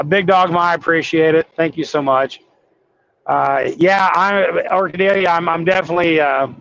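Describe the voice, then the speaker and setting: Candid rambling trucker, lo-fi sound. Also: male voice, high voice, fairly bright tone, a little hiss or hum. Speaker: truck driver streamer. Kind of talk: casual livestream chat while driving. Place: truck cab on the road.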